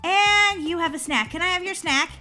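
A woman hosting a gaming channel, chatting excitedly through a video game and squealing when she is chased. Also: very high-pitched, fast talker, over loud music. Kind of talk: playing a video game with commentary.

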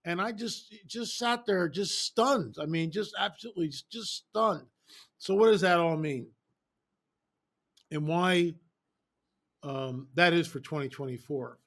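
A man speaking as an interview guest, telling stories in an animated, emphatic way and repeating phrases for effect. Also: on the high side, unhurried, pauses often. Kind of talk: casual interview storytelling.

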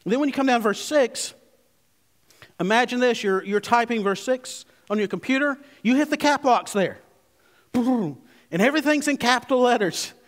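A male pastor preaching a sermon, emphatic, with loud stresses that fall away to hushed low asides. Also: normal speed, long reverb tail. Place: church sanctuary.

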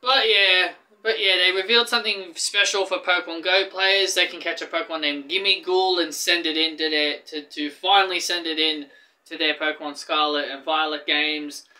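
Excitable high-voiced man vlogging. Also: normal speed. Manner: excitable and rambling, with frequent restarts. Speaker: gaming YouTuber. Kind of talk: casual gaming news vlog.

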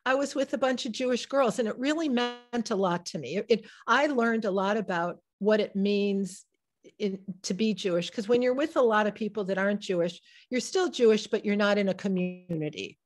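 A woman in her sixties with a Chicago accent, an author telling stories in a casual interview at a synagogue, often restarting her sentences as she goes. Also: medium pitch. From Chicago area, USA. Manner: animated, digressive storyteller who often restarts sentences. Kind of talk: casual conversational storytelling.

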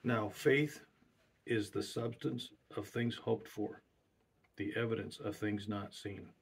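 A man's voice: fairly low pitch, fairly even intonation, takes it slowly, creaky, husky. A man preaching a sermon, stressing his points by repeating key phrases.

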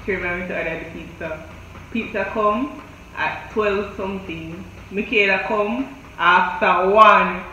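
A woman's voice: medium pitch, measured pace, pushed and bright. A young woman, a guest teasing her friend in a casual mukbang chat. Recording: echoey, dull and noisy room.

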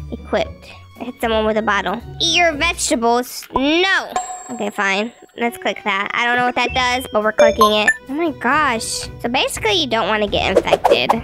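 A young woman commenting on a video game as she plays, excitable and shrieking when scared. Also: fairly high pitch. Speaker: gaming video host.

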